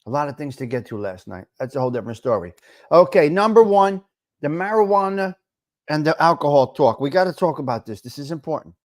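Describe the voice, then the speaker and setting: Brisk and expressive, this slightly high-voiced man runs a laid-back livestream talk show. He rambles through side remarks and calls out viewers by name.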